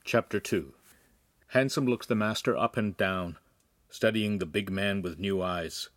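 Measured male audiobook narrator, dry sound. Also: lowish voice, no echo.

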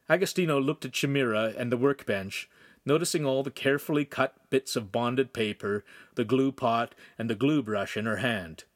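A man narrating a young adult novel as an audiobook, with animated storytelling. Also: mid-range voice, normal speed, dry recording, clean studio sound. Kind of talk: scripted narration.

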